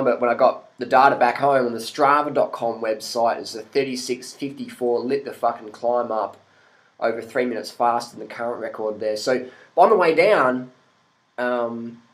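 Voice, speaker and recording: A man's voice: mid-range voice, low-quality recording. A middle-aged man from Australia, ranting casually to camera and swearing freely as he laughs at other people. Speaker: vlogger.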